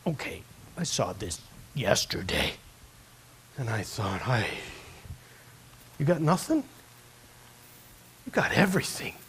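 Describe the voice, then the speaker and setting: A man preaching a sermon as pastor, telling a story that swings from hushed to loud. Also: medium pitch, very animated, takes it slowly, pauses often, a little hiss or hum, poor audio.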